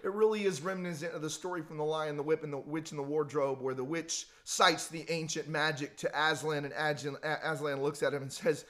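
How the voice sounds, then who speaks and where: A man with a somewhat high voice gives a relaxed devotional talk. He tells stories in a folksy, conversational way and often repeats a word while he thinks. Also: a little fast, hardly any pauses. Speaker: devotional speaker.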